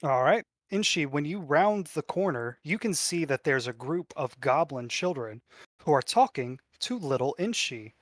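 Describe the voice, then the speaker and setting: A man's voice: medium pitch, fairly bright tone, dry recording. Easygoing game master man. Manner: loose, filler-heavy narration. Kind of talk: narrating a tabletop game.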